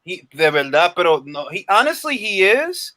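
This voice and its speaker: A man's voice: high voice, sing-song, moderate pace, sharp tone. A man hosting a casual boxing talk show, with slangy banter. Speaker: host. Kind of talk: casual chat.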